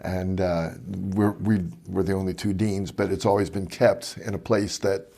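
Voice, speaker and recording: Gravelly older man, low and husky. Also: little pitch movement, warm tone. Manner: storytelling, many "uh" pauses, chuckles. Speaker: podcast co-host, magic club president. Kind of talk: casual chat.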